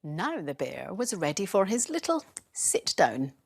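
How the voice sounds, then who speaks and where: A woman reading a bedtime story for children, gentle, soothing and playful. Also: fairly low pitch, sing-song, a little slow, vocal fry, slightly rough.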